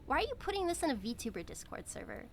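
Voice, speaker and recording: A woman's voice: high voice, very animated, fast, vocal fry, noisy background. A woman streamer chatting casually while she plays, blunt and profane, rambling with lots of fillers. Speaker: VTuber streamer.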